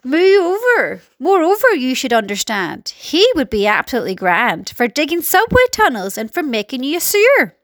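A woman's voice: sits high, very animated, normal speed, hardly any pauses, no echo, clean studio sound. A woman voicing a cheerful, friendly small boy in a storybook reading, speaking earnestly and in a sing-song way. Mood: proud, rhyming.

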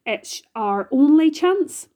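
An earnest young boy from a storybook, as a woman reading aloud puts him on, thoughtful and steady. Her voice is a bit raised, with a mellow tone and a slow, careful pace. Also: sits high, voice pushed up. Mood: firm. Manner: earnest, quiet then firm.

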